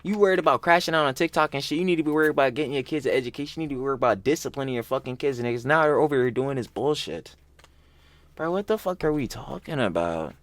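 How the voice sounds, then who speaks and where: Young guy reacting to a clip, swearing a lot, pitch jumping all over, fired up. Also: expressive, very fast, no room sound. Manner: heated, profane ranting with repeated exasperated outbursts. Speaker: reaction video host. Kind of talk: casual reaction commentary.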